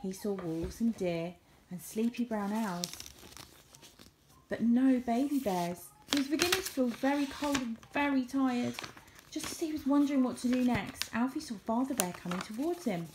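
A woman reading a children's picture book aloud, with expressive storytelling. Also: a little high, normal speed, background noise. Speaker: storybook reader.

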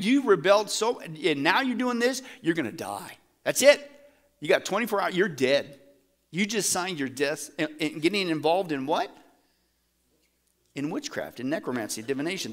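Lively preaching man, slightly high voice. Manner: lively, asks the audience questions, casual slang. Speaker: pastor. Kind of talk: sermon teaching.

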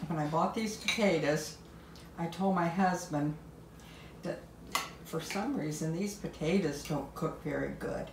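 An older woman hosting a home cooking video, chatting in a homey way and talking while she tastes the food. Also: low voice. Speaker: home cooking channel host. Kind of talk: casual cooking demonstration. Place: home kitchen. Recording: echoey kitchen, faint background noise.

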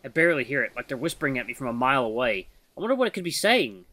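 A game streamer reading the narration of a visual novel aloud in a lowered, steady voice. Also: very fast.

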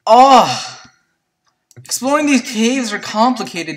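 Excitable gamer with a lively voice. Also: medium pitch, moderate pace, far from the mic, poor audio. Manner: excitable, yelps and shrieks at surprises; chatty, talks to viewers as "guys". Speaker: gameplay commentator. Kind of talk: let's play commentary.

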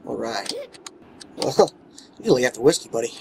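A man's voice: medium pitch, lively intonation, moderate pace, vocal fry, slight background noise. A man casually commenting on his gameplay at home, playful, cooing baby talk at his character and swinging from muttering to exclamations. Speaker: let's play gamer. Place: home room with his dogs nearby.

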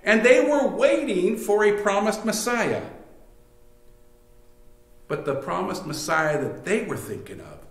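A pastor giving a sermon in a conversational way, with many fillers and restarts. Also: male voice, sits high, very animated, a little slow, pauses often. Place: church sanctuary. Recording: echoey church room.

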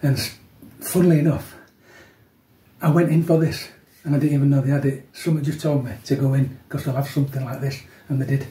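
A man's voice: medium pitch, fairly even intonation, a little fast. A man in his fifties, chatting casually through a home workout and tacking "yeah" onto his lines, keeping his voice down at home. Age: 50s. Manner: chatty, keeps adding "yeah", talks softly to avoid waking people. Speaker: fitness vlogger. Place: room at home. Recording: echoey room, mic at a distance.

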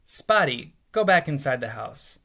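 A man's voice: mid-range voice, very animated, unhurried, gravelly, pushed and bright, full character voice. A man voicing a stubborn boy who dismissively insists the dog is his.

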